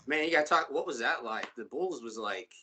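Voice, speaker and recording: Casual dude host asking questions, bright sharp voice. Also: male voice, medium pitch, expressive, brisk, a little hiss or hum. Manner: casual, says man a lot. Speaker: podcast host. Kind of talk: casual interview.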